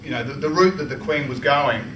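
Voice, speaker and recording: In a bright, forceful, medium-pitched voice, a little fast, an Australian man addresses a club meeting with a humorous personal anecdote. He keeps it chatty, often restarts and laughs, and the recording, made from far off in a roomy meeting hall, has noise.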